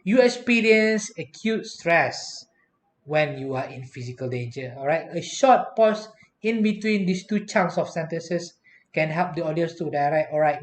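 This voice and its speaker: Male lecturer, slightly high voice, echoey room, patient filler-heavy delivery. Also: darkish tone. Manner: frequent "all right" fillers, patient explaining. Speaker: university lecturer. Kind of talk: recorded English lecture.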